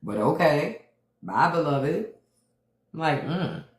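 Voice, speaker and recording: A man's voice: on the high side, very animated, slow. A man hosting a casual livestream, giving opinionated political commentary and stopping often to greet viewers by name. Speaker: livestream host. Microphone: phone livestream. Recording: roomy echo.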